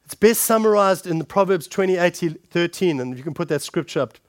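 Guy preaching a sermon, pretty high voice, punchy then hushed, dry close sound. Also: animated, fairly quick, no room sound. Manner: emphatic, addresses the congregation directly as friends; swings between forceful punches and hushed scripture reading.

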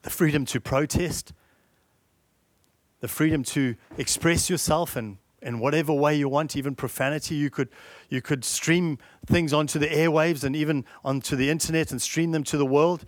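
A man's voice: on the high side, fairly even intonation, moderate pace, dry recording. A man preaching a sermon, earnest and full of rhetorical questions.

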